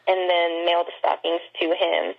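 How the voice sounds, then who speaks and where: A woman guest in a casual chat, relaxed and giggly, heard over a dull remote line. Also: lowish voice, measured pace, creaky.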